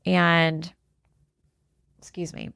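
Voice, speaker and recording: A woman's voice: lowish voice, flat delivery, extremely slow, gravelly, fairly bright tone, clear, resonant tone, dry recording. A woman in her forties co-hosting a podcast, tired and headachy after a late night, telling stories with a self-deprecating laugh. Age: 40s. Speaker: podcast co-host. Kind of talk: casual chat.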